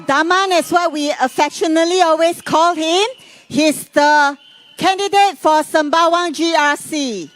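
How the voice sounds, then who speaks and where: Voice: very high-pitched, unhurried, a bit bright. Rally announcer calling to the crowd. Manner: announcing, call-and-response with the crowd. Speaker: rally co-emcee. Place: outdoor rally field.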